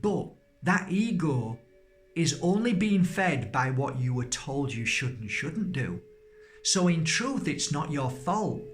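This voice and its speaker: A man's voice: on the high side, big pitch swings, takes it slowly, slight background noise. Emphatic man giving a spiritual talk. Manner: emphatic, acts out little voices of worry and exclaims. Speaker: spiritual healer giving a workshop. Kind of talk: motivational workshop talk.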